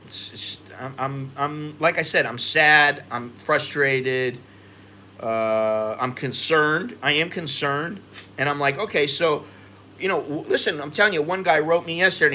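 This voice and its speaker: This expat vlogger from the United States speaks at a normal speed in a slightly high, sharp-toned voice, with a little background noise. He's running a livestream, going through viewer comments and rambling on in frustration, saying the same things more than once.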